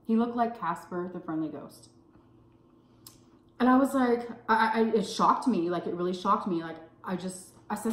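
A woman in her thirties with a Texan accent, telling a story in casual vlog chat, animated and swearing freely. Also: measured pace, echoey room. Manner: animated, swears freely, acts out quotes in a high voice. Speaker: food vlogger telling a story. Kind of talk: casual storytime while eating.

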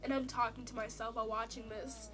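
A woman's voice: fairly high pitch, flat delivery, brisk, fairly bright tone. A woman with a stuffy, nasal voice from a cold, talking emotionally about a drama in a casual, rambling review full of fillers, recorded on a tablet. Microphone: tablet built-in mic.

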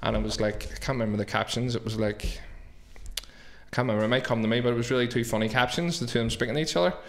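A man's voice: medium pitch, rapid-fire, gravelly. Man, Belfast accent, thirties, casual and chatty, swears, acts out the dialogue in his stories. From Northern Ireland. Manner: swears freely, tells stories with quoted dialogue. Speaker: guest, business owner. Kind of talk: casual storytelling.

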